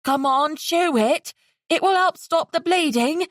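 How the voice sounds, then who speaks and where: A woman's voice: high-pitched, very animated, drawn-out words, dry recording, clean studio sound, pitched above the performer's own voice, heavily acted. Woman doing a small pleading female voice. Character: small gentle female helper, frightened but caring.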